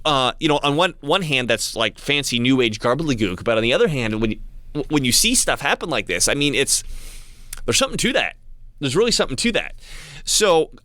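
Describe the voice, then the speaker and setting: A man talking in a casual monologue to his channel's viewers, halting with frequent restarts and repeated words. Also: mid-range voice, big pitch swings, sharp tone, no echo. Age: adult with young child. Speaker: channel host.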